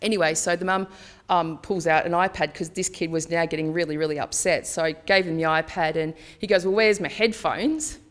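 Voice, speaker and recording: This woman has a low voice and a flat delivery, and she talks fairly fast. As a conference speaker, she shares personal stories in a frank, conversational way, acting out the lines people said.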